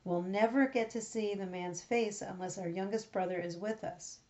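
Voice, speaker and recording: A woman's voice: medium pitch, fairly even intonation, moderate pace, darkish tone, close to an everyday voice. A woman reading out the part of a pleading older brother in an earnest, plain reading voice with small slips. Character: pleading male elder brother. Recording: dull lo-fi recording.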